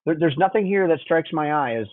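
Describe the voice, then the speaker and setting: A man's voice: on the high side, animated, fairly quick, no echo. Man teaching on a tinny line. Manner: conversational, frequent "okay?" and "would you agree" check-ins. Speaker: diesel technician instructor. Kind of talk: technical webinar walkthrough. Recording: dry, tinny phone-like audio.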